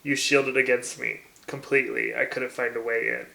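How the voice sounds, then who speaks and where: A man reading a novel aloud, giving the lines of an intense, tender male fae lover in a soft, low voice. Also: flat delivery, normal speed, gravelly, rough recording. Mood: hurt, intense.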